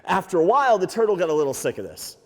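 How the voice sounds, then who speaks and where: A man working as a nature museum storyteller, telling an animated, playful tale to children with sound effects. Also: high voice, rapid-fire. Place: library room. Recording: echoey hall.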